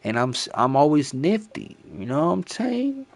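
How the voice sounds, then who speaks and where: Thirties guy on a headset mic, kinda high raspy-fry voice, cussing and rambling in slang. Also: very animated, moderate pace, dry recording. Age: 30s. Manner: profane, slangy, drawling, repeats filler phrases. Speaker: gaming streamer. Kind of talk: casual rambling rant.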